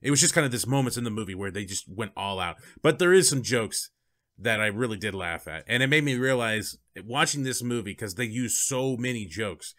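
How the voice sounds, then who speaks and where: A man's voice: lowish voice, expressive, fairly quick, a bit bright. A man co-hosting a casual movie review. He swears freely, laughs a lot and acts out lines from the film as he recaps scenes.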